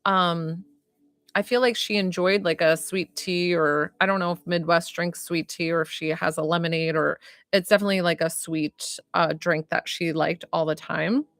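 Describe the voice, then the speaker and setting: A woman working as a psychic medium, giving live readings to viewers in a warm, rambling way with lots of filler words. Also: on the low side, fairly even intonation, normal speed, no room sound. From northern United States.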